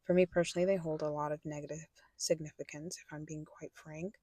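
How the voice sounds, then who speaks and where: A woman's voice: sits low, level tone, fast talker, warm tone, no room sound. A young adult woman talking candidly in a personal vlog, rambling and correcting herself, sometimes dropping to a whisper. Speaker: vlogger.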